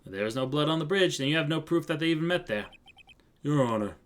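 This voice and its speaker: A man's voice: on the high side, lively intonation, fast talker, a bit bright, slight background noise. A man voicing a haughty male prosecutor in a game, speaking in a clipped, disdainful way.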